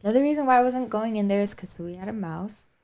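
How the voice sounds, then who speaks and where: A woman co-hosting a podcast, chatting casually with a friend and telling animated stories full of acted-out quotes. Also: fast. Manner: animated storyteller, acts out quotes with high shrieks and laughter. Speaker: podcast co-host. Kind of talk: casual chat between friends.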